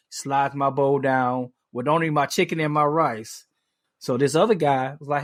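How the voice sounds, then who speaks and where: A man on a podcast, telling a story in casual chat, animated, full of fillers and restarts, swearing freely. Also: medium pitch, moderate pace, dry recording, studio quality. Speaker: podcast co-host.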